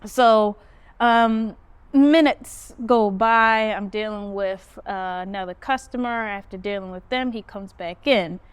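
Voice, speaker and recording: A woman hosting a podcast, casually recounting a story and jumping her pitch up high when she quotes herself. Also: a little slow, clean tone, no room sound. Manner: animated retelling, pitch jumps up when quoting herself. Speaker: podcast host. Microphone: phone.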